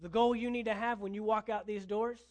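A man's voice: high voice, flat delivery, a little fast, darkish tone. A male pastor preaching a sermon, emphatic, driving points home with repeated phrases.

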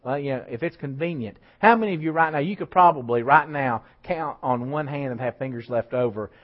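Speaking briskly at medium pitch, the pastor drives his sermon toward emphatic points while throwing in remarks to the congregation. It's a slightly dull, lo-fi church recording.

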